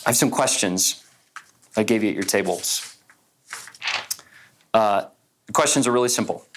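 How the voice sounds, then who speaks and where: A man with a fairly low voice preaches in a relaxed, storytelling way. He talks conversationally, dropping frequent "like" fillers as he recounts events to his congregation. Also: normal speed, a little hiss or hum. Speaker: pastor. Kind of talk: storytelling sermon. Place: church gathering with tables.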